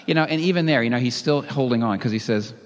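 A man preaching a sermon in a dramatic, animated way, with bursts of emphasis. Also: mid-range voice, fast talker. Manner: lively, dramatic, reads scripture with emphasis and chuckles. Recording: long hall reverb.

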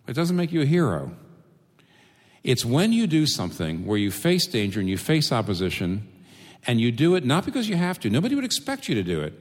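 A man's voice: medium pitch, huge pitch swings, fairly quick, in a large hall. A male preacher giving a sermon, asking rhetorical questions and repeating phrases for emphasis.

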